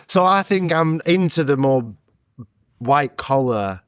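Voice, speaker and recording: A man's voice: on the high side, takes it slowly, clean tone, dry recording. A man co-hosting a podcast in casual chat, joking freely and cursing offhandedly. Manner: joking, animated, casual swearing. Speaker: podcast co-host.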